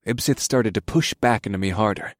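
Low-voiced male story narrator. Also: a little fast, dry recording, clean studio sound. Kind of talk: scripted erotic story narration.

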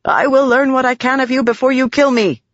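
A woman reading an audiobook voices a curious, literal-minded male spirit who talks slowly and flatly with musing hums. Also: sits high, dry recording, pitched above the performer's own voice, natural voice. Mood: solemn. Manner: slow, flat and precise, with musing hums. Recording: dull lo-fi audiobook.

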